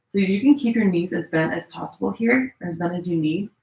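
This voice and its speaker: A woman leads a gentle yoga flow in an echoey room at home, her voice sitting low. Her cues are relaxed and chatty, full of little fillers. She demonstrates each pose as she talks, and sounds a touch strained while holding them. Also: fairly quick, vocal fry. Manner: demonstrating poses while talking. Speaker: yoga teacher. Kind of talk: live-streamed yoga class instruction.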